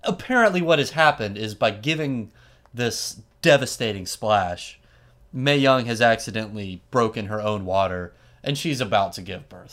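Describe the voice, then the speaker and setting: A man hosting a podcast, telling a story in an animated, wry, casual way and laughing often. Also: mid-range voice. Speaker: podcast host.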